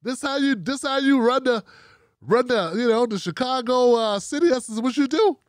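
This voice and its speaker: High-voiced blunt male show host. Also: normal speed, no echo, studio quality. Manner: blunt, profane and animated, talking straight at the audience. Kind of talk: casual commentary show.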